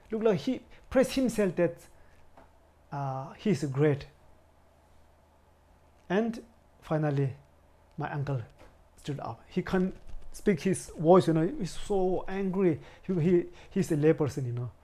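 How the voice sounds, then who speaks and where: A man in his forties from India, a Buddhist lama, telling his life story in a halting way, searching for words and often saying "you know". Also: on the high side, dark tone. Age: 40s. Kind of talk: personal storytelling interview.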